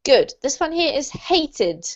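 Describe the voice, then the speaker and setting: A woman's voice: on the high side, expressive, a little slow, highs cut off. A woman with a British accent teaching English pronunciation to a small online class, encouraging and patient in her explanations. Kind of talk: online group lesson. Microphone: video call.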